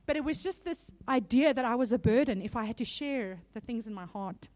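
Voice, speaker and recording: A woman's voice: a little high, lively intonation, a little fast, a little mellow. A woman preaching a sermon in an earnest, conversational way, often breaking into a light laugh between points.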